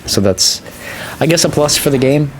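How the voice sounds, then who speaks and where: A man hosting a let's play, chatting casually and excitably as he plays. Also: normal speed, a little hiss or hum. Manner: chatty, excitable, voice jumps high when excited. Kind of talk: casual gameplay commentary.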